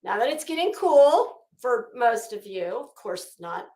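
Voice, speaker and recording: Her voice is a little high and sing-song, warm in tone and measured in pace, with reverb around it. She's a commentary channel host from Florida running a casual live chat, gushing, rambling and frequently breaking off her own sentences.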